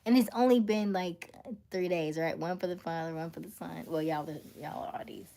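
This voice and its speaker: A woman's voice: fairly low pitch, moderate pace, gravelly, dark tone. A woman livestreaming, chatting playfully with her viewers and laughing often. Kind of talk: casual livestream chat with viewers.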